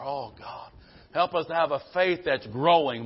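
Man preaching, emphatic, loud-soft swings, husky, slightly high, dull lo-fi sound. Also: a little slow. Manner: emphatic, calls out "Amen?" to the congregation; swings between loud bursts and quiet low passages. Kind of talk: sermon.

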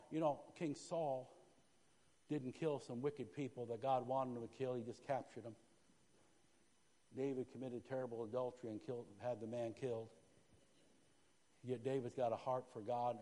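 A male pastor preaching a sermon with fervor, dropping to a hush and then rising to shouts, and calling out "Amen?" to his congregation. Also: mid-range voice, steady tone, normal speed, long reverb tail. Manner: fervent, swinging from hushed to shouting. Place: church sanctuary.

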